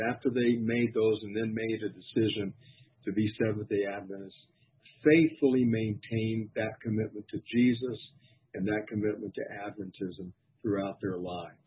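Middle-aged guy preaching, earnest and reflective, husky low voice, tinny phone-like audio. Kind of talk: personal testimony sermon.

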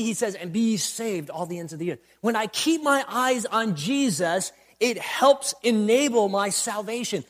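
A man's voice: sits high, lively intonation, a little slow, few pauses. A man preaching a sermon, building to emphatic bursts and repeating refrains. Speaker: pastor.

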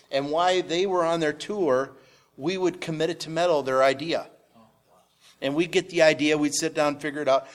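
Man, middle-aged, somewhat high pitch, rambling storyteller, lots of fillers. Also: smooth. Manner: rambling, repeats words, many "and, uh" fillers. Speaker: business owner sharing testimony. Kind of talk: storytelling on a panel.

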